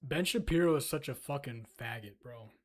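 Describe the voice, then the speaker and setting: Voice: medium pitch, moderate pace. A streamer ranting crudely and heatedly in a casual livestream, full of swearing.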